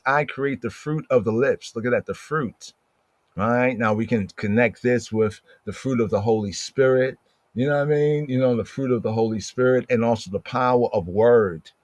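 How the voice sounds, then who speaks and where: A man leading a scripture study in a plain, middle-pitched voice. He talks conversationally and keeps checking in with "right?" and slows right down when he reads a verse. The sound is dry and close, with no room echo. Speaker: Bible teacher.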